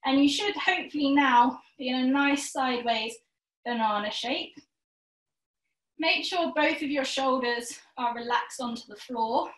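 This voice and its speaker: High-voiced woman guiding a yoga class. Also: fairly bright tone. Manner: encouraging, calls out poses in quick rounds. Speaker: yoga instructor. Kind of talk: guided yoga class instruction. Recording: echoey room, voice from a distance.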